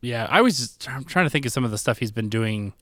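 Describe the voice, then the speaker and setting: A man co-hosting a podcast, chatting in a relaxed, casual way and trailing off with fillers. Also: mid-range voice, fast talker, dry recording. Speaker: podcast co-host. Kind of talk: casual chat.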